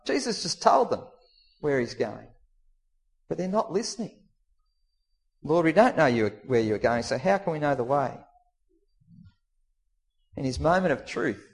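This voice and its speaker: A man with an Australian accent preaching a sermon, who acts out the lines of Jesus and the disciples with his voice rising and falling. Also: medium pitch. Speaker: pastor.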